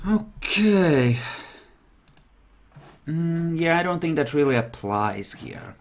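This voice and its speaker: A man running a tabletop role-playing game on a stream, relaxed and thinking aloud as he narrates and checks the rules. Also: on the high side, slow. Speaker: game master.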